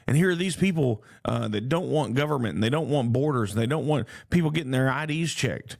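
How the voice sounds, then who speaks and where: A man's voice: medium pitch, lively intonation, brisk, creaky, hardly any pauses. A man hosting a solo podcast, reading news headlines aloud and commenting on them indignantly, with frequent fillers and restarts. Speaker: podcast host.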